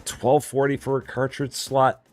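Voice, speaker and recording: A man streaming a game live, chatting casually and often muttering quietly to himself as he works. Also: medium pitch, completely flat delivery, measured pace, soft background music. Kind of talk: casual live gameplay commentary.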